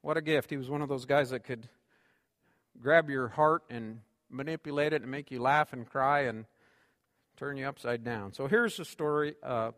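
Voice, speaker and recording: A man preaching a sermon in a church, lively, with humorous asides. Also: mid-range voice, normal speed, clean studio sound. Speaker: pastor. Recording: long hall reverb.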